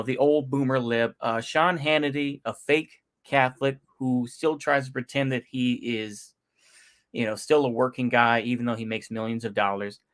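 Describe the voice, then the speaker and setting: Slangy man riffing in a reaction video. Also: medium pitch. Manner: slangy, sighing, laughing to himself; rambling with frequent fillers. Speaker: YouTube commentator. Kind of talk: casual reaction commentary.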